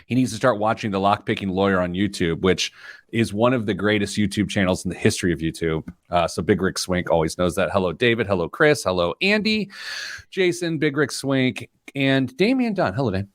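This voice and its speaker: A man's voice: fairly low pitch, a little fast, no room sound. A man hosting a podcast, telling stories and joking in casual chat. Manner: jokey, storytelling, animated. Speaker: podcast host.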